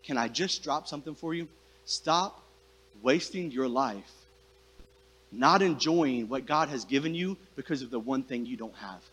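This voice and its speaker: A man's voice: mid-range voice, lively intonation, measured pace, a bit bright, breathy edge, big-room sound. A male pastor preaching a sermon, talking conversationally and directly to his congregation in a church sanctuary.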